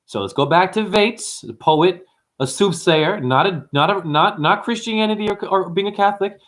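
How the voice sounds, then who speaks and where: A man's voice: high-pitched, normal speed, fairly bright tone. A man hosting a numerology livestream, ranting intensely at his viewers, swearing and preaching as he addresses them directly. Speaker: numerology teacher and livestream host. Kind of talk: profane livestream rant.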